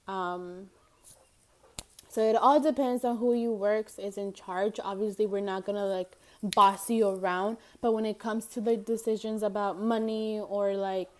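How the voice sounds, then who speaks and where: A woman's voice: mid-range voice, steady tone, measured pace, a little mellow. A young woman vlogger telling a casual storytime, rambling with lots of fillers and giggling between thoughts.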